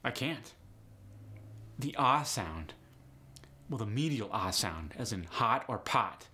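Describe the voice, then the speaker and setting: A man's voice: on the low side, animated, takes it slowly, pushed and bright. A man teaching an accent lesson step by step, upbeat and explanatory, saying example words to show each sound. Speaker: accent coach.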